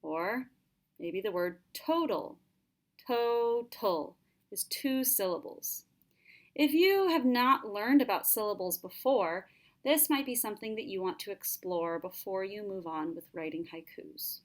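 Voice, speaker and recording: Slow, patient woman teacher. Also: medium pitch, animated. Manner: slow, clear and patient, addressing students. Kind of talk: classroom lesson narration.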